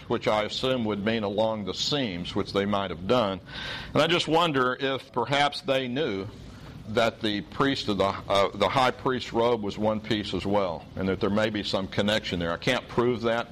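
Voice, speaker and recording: A man teaching a Bible study, reading verses aloud and adding measured, reflective explanations. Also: mid-range voice, fairly bright tone, slight background noise.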